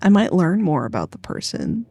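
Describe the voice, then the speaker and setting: A woman's voice: lowish voice, huge pitch swings, moderate pace, gravelly, mellow, husky, faint music behind. A young woman streaming a story game, chatting playfully and giggling as she reads along. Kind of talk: casual game commentary.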